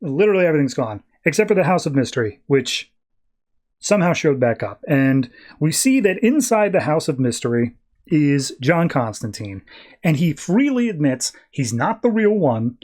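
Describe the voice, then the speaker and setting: A man's voice: fairly high pitch, very animated, normal speed, a little mellow. A man hosting a podcast, chatting casually and animatedly as he recaps and reviews comics. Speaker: podcast host.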